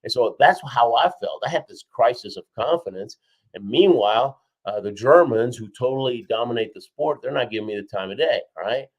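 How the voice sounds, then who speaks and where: A man telling a story as a guest in an interview, energetic and punctuating his points with "right?" and "okay?". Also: medium pitch, fairly quick, rough recording. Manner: energetic, frequently acts out quoted voices, punctuates with "right?" and "okay?". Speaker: guest, four-time Olympian and keynote speaker. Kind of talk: animated storytelling in a podcast interview.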